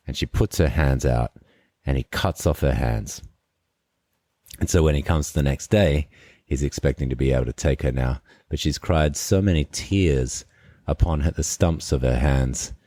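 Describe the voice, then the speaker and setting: A man hosting a podcast, retelling a fairy tale in a relaxed, conversational way before discussing it. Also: very deep voice, a little slow, dry recording, studio quality. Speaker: podcast host. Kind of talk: conversational storytelling and commentary.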